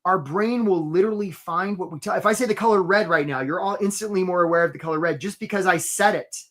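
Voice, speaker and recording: A man's voice: high voice, fast, fairly bright tone. A man giving a motivational career coaching talk in a live webinar, often checking in with "right?". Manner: motivational, peppers lines with "right?".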